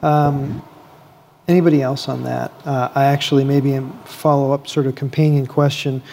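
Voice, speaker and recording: A man's voice: mid-range voice, flat delivery, normal speed, gravelly, warm tone, slight background noise. A man moderating a church panel, reading out audience questions and inviting the panelists to respond.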